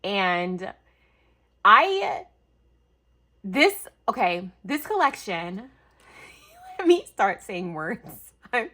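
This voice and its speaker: A young woman from the United States vlogging a craft mail unboxing, talking fast and gushing, overwhelmed and near tears. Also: mid-range voice. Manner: gushing, talkative, breathless bursts of excitement. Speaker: craft YouTuber. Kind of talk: excited unboxing vlog.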